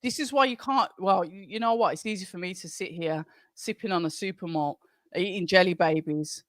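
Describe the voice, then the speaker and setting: A man's voice: sits high, no room sound, studio quality. A man hosting a live watch-along and calling a boxing match round by round, chatting with viewers between rounds. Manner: excitable, calls punches quickly, chats with the viewers. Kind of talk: live fight commentary and chat.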